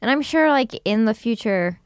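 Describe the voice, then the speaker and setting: A woman's voice: on the high side, expressive, moderate pace, clear, resonant tone, dry recording, studio quality. A woman guest on a podcast, chatting casually with playful, giggly riffs. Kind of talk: casual chat.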